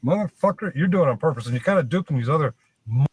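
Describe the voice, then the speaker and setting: Higher-voiced man ranting argumentatively. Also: animated, very fast, breathy edge, no room sound, poor audio. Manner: preachy, argumentative, swearing. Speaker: streamer. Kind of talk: ranting to the camera.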